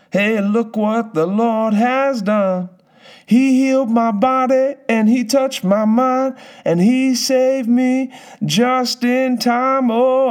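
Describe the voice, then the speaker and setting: A man's voice: very high voice, darkish tone, smooth. A middle-aged man preaching a fervent sermon, hammering home repeated exhortations and now and then breaking into song.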